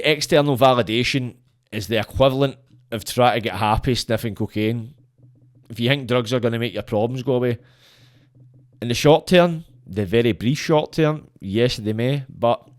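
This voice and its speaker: A man talks in a blunt, sweary, preachy way as a podcast guest. His voice sits at an ordinary middle pitch. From Scotland. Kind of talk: rambling motivational monologue.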